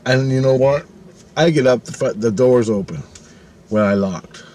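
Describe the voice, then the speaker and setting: A man's voice: mid-range voice, moderate pace, a little hiss or hum. A middle-aged man telling a personal story casually, swearing often and acting out the voices he quotes. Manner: profane, animated, acts out quoted voices.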